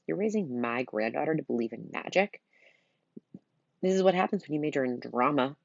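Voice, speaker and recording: A woman's voice: low-pitched, animated, fairly quick, creaky, dry recording, lo-fi sound, exaggerated voice. A woman voicing a cranky, boastful grandfather who has turned into a thirteen-year-old boy, speaking indignantly and grandly. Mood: haughty.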